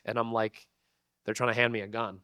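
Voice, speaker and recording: A man's voice: fairly low pitch, flat delivery, brisk, bright, forceful tone, clear, resonant tone, no room sound, clean studio sound. A young man, a voice actor, telling a story to a convention audience in a casual, chatty way full of "like" and "dude", with laughs between lines. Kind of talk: animated storytelling to a live audience. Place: convention panel room.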